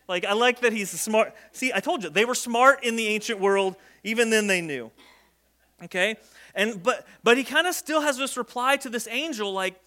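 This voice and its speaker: A man with a high, bright voice gives a relaxed, jokey sermon. He keeps slipping into the voices of the people in the story. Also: normal speed. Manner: conversational, jokey, acts out quoted speech. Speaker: pastor.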